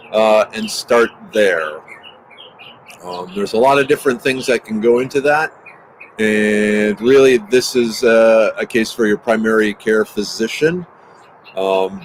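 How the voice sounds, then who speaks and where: Loud-talking man outdoors with birdsong. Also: mid-range voice, a little hiss or hum, low-quality recording. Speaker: livestream host. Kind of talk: casual livestream chat greeting viewers. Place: outdoors near a busy highway. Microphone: handheld microphone.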